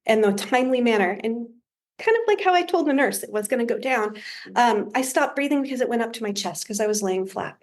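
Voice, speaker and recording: A woman who is a podcast guest, telling a story in a casual, humorous and animated way. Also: a little high, a little fast.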